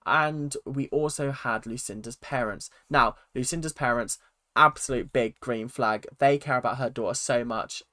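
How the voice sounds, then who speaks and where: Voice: mid-range voice, moderate pace, bright, forceful tone, no echo, studio quality. A speaker giving a casual, chatty recap of a reality TV episode and acting out quotes in silly voices. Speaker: reality TV reaction vlogger.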